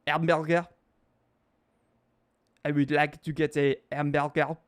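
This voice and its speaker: A man's voice: high-pitched, very animated, darkish tone, pitched above the performer's own voice, heavily acted. A man mocking a snooty French snob. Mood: prim. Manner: pompous, slow and overly precise.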